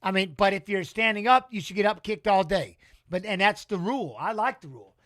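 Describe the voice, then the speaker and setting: A man's voice: sits high, expressive, brisk, a bit bright. A middle-aged man giving casual live fight commentary in a rambling, emotional, salty way. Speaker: watch-along commentator.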